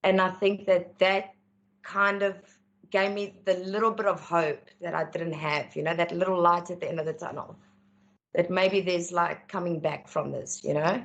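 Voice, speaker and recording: A woman telling her life story as an interview guest, candid and animated when she acts out dialogue. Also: fairly low pitch, moderate pace, highs cut off. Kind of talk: personal storytelling.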